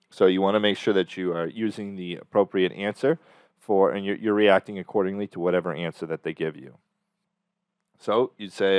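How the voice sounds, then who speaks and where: A man with a fairly low voice gives sales coaching in an emphatic, repetitive, motivational way. The recording is dry and close with almost no room echo. When he acts out lines from a phone script, his delivery turns brighter and more upbeat. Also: fairly quick, clean tone. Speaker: sales trainer.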